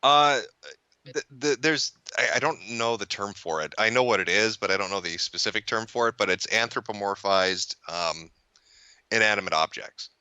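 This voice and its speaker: Male commentator, low-pitched with a sharp, bright tone, casual profane rambling, dry close sound. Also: moderate pace, smooth, no echo. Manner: rambling, profane, frequent restarts. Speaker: internet video commentator. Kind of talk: casual podcast chat.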